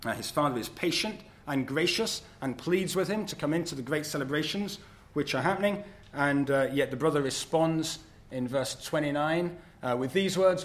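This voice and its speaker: A man preaching a sermon at a church service, earnest and measured, with occasional fillers as he reads and explains scripture. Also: medium pitch.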